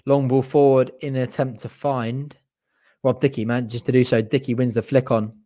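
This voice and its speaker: At a normal speed and with a mid-range voice, a young man gives partisan, excitable commentary as a fan watching a live match. He cheers his team along and groans at their missed chances.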